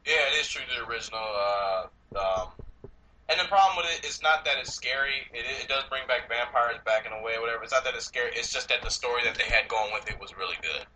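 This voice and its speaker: A man's voice: mid-range voice, fast talker, sharp tone, a little hiss or hum, low-quality recording. A man co-hosting a podcast, chatting casually about movies, rambling, swearing and laughing often. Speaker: podcast co-host.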